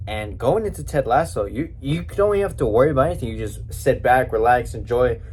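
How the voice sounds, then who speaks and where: A man's voice: mid-range voice, lively intonation, a little fast, darkish tone, a little hiss or hum. A young man giving a casual, emotional review, rambling with fillers and calling his viewers bro and boys.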